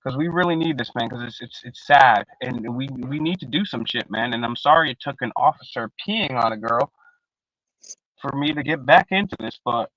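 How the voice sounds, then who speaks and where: Bright-voiced rambling man on a stream. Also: mid-range voice, normal speed, no echo, highs cut off. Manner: rambling, profane, slang-heavy; restarts often, animated. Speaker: live panel participant. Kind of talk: casual live-stream panel chat. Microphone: video call.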